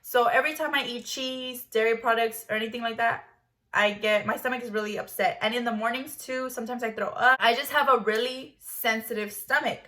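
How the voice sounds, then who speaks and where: A woman's voice: on the high side, steady tone, brisk, sharp tone. A young woman in her twenties telling a personal story in a vlog, blunt and stuttering, with plenty of swearing. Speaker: vlogger.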